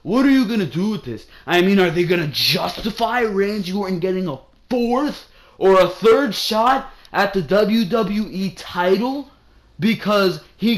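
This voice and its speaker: A man recapping a wrestling show in a loose, profane rant. His voice sits somewhat high, and he sounds fed up and sarcastic throughout.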